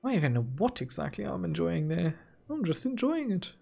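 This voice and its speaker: A man's voice: high voice, very animated, fairly quick, vocal fry. A man commenting casually on his own strategy game, musing and talking to himself playfully. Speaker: gaming video host. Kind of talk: casual let's-play commentary. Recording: soft game music behind.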